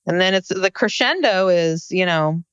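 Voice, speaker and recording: A woman's voice: on the low side, lively intonation, normal speed, fairly bright tone, clean tone, dry recording, lo-fi sound. A woman co-hosting a podcast in casual chat, giving wry, skeptical commentary. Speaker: podcast co-host. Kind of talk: casual chat recapping a reality show.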